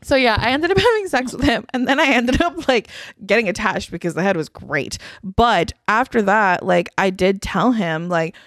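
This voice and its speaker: A woman's voice: mid-range voice, animated, normal speed, hardly any pauses, a bit bright, dry recording, clean studio sound. Blunt, profane young woman storyteller. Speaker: podcast co-host. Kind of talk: casual chat.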